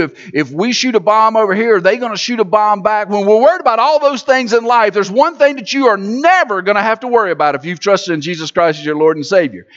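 A male pastor delivers his sermon in a high voice, rising to loud, emphatic passages and then dropping to soft, hushed ones. The recording is dull and muffled. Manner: preaching with swings from loud to hushed.

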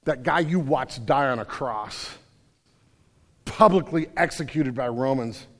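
A man's voice: mid-range voice, unhurried. Man preaching in an echoing hall. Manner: vivid storytelling, addressing listeners directly as "you". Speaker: pastor. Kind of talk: sermon.

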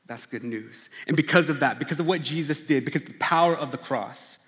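A man preaching a sermon in an earnest style, often dropping to a hushed, low emphasis. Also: fairly quick, long reverb tail. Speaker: pastor.

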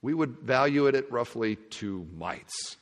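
A pastor playing puzzled, hesitant disciples. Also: male voice, medium pitch, lively intonation, measured pace, voice pushed down, lightly acted. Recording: long reverb of a church hall.

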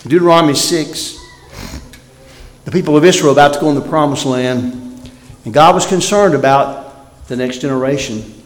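A man preaching a sermon as pastor, swinging from loud emphatic bursts to quiet, near-whispered lines. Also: a little high, normal speed, long pauses. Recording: roomy hall reverb.

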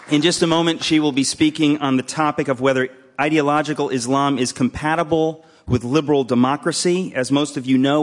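A man hosting a live event, introducing the evening's speaker with dry, deadpan jokes and asides. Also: mid-range voice. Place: hall with a live audience.

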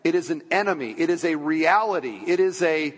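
A male pastor with a fairly high, slightly husky voice preaches to his congregation. He talks in a conversational way, poses questions, slips in playful asides, and sinks into a hushed tone for the weighty parts. His words ring out with the long reverb of a church sanctuary. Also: a little fast. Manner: drops low and quiet for solemn points. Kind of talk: sermon.

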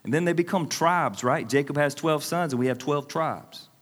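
A man's voice: fairly high pitch, normal speed, long reverb tail. A man in his forties preaching a sermon, telling stories with humor and laughing often. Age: 40s. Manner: animated, storytelling with humor and laughs. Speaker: pastor. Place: church hall with congregation.

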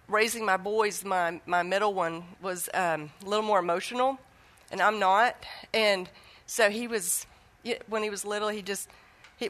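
A woman's voice: mid-range voice, fairly bright tone. A middle-aged woman giving an earnest faith teaching talk, telling family stories and acting out the dialogue. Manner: earnest, anecdotal, acts out dialogue. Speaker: Christian teacher.

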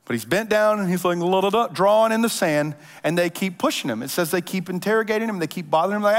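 A man preaching a sermon in a casual, animated storytelling manner, acting out voices as he tells the story. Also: high-pitched, fast. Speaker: pastor. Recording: long hall reverb.

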